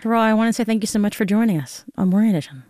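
A woman's voice: medium pitch, mellow, no room sound. A woman hosting a morning radio show, friendly and conversational, speaking into a studio microphone. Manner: friendly, conversational, quick to laugh. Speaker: radio news host. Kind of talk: live radio hosting and interviewing.

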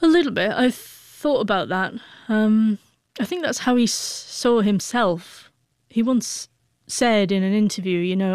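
A woman in her forties shares a heartfelt memory, her speech catching on repeated sound blocks. Her voice is smooth and resonant. It sits close and dry, with no room around it. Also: mid-range voice, dry recording. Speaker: guest, author. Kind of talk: emotional personal recollection.

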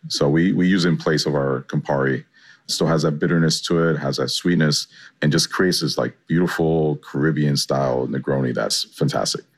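Man, extremely low voice, chef guest, loose and enthusiastic. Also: normal speed. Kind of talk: casual interview answers.

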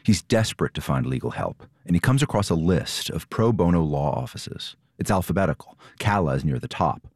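A man reporting, reading a scripted story narration in a measured, steady way and interviewing guests. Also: deep voice, no echo, clean studio sound. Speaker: reporter and host.

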